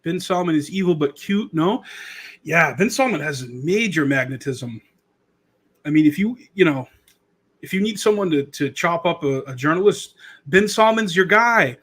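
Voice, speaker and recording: Here a thirty-something podcast host rambles through political talk with sarcasm, now and then mimicking people mockingly. His fairly high, fairly bright voice is animated, and he speaks at a normal speed.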